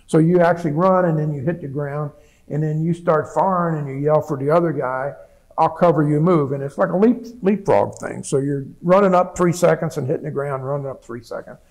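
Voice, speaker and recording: A man's voice: fairly high pitch, a little fast, a little mellow, low-quality recording. A man in his seventies, a veteran giving an oral history interview, telling his story plainly with frequent restarts and repeated words. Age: 70s.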